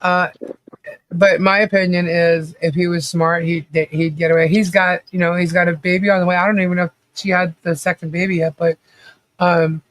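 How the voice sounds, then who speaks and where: A man with a notably high voice runs a casual livestream commentary. He rants bluntly and swears freely. Between points he reads out viewer chat comments, keeping an offhand, conversational tone. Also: flat delivery, brisk, fairly bright tone.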